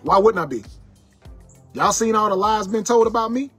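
A man's voice: high-pitched, lively intonation, moderate pace, a bit bright, slightly rough, soft background music. A man angrily lecturing his viewers, repeating his warnings like a sermon. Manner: angry, repetitive, sermon-like warnings. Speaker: internet personality ranting to viewers. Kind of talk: angry preachy monologue.

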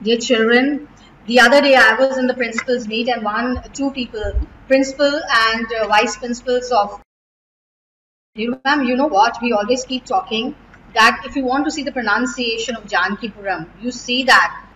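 Emotional Indian woman principal, bright voice. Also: a little high, highs cut off, a little hiss or hum. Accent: Indian English. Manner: emotional, heartfelt, pausing and restarting. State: near tears. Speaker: school principal. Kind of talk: farewell address to graduating students.

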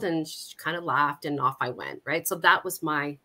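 A woman's voice: deep voice, normal speed, few pauses, bright, forceful tone. Candid middle-aged woman telling her story. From Canada. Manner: candid, personal storytelling with frequent self-corrections. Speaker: guest, Alzheimer's support coordinator. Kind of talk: conversational interview.

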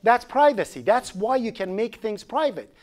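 A man with a Persian accent giving a programming lecture, animated and joking, asking the class questions as he goes. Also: sits high, moderate pace. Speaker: programming instructor.

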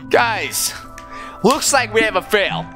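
A man hosting a gaming video, giving excited, goofy gameplay commentary and often shouting. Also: high-pitched. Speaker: gaming channel host and dad. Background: game music.

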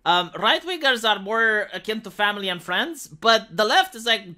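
A man's voice: high voice, very animated, normal speed, hardly any pauses, sharp tone. A man ranting sarcastically in an opinionated commentary, peppering his talk with "like". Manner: sarcastic, ranting, heavy use of "like". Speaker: commentary channel host.

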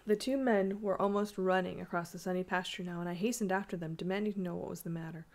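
Woman reading an old ghost story aloud, lowish voice, measured. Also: fairly even intonation.

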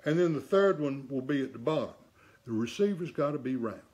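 A middle-aged man walking through saxophone repair in a relaxed hands-on lesson. He talks bluntly and emphatically and tosses in rhetorical jabs. His voice sits at a middle pitch for a man. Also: a little fast, husky. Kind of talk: casual demonstration lesson.

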